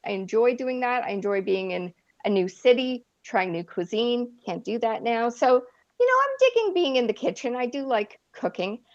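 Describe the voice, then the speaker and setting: A woman's voice: a little high, creaky, dull audio. A woman doing a stand-up set, chatty and self-deprecating, often laughing at her own jokes. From Eastern Europe. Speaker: stand-up comic. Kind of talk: stand-up routine.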